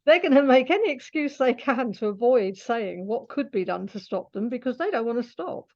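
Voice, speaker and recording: A woman's voice: a little high, lively intonation, moderate pace, a little mellow, highs cut off. A woman being interviewed as an animal communicator, chatty and laughing often as she explains patiently. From Scotland. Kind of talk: casual interview talk.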